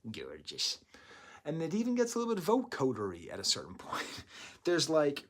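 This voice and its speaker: A man giving a casual album review, rambling into excitable asides. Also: on the high side, moderate pace. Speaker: music reviewer.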